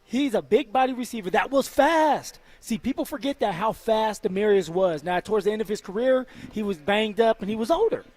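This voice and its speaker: High-voiced, emphatic male radio co-host. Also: brisk, few pauses, no echo. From United States. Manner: emphatic and animated, repeats words as he builds a point. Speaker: radio co-host, former football player. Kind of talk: sports talk radio chat. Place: radio studio. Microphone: studio microphone.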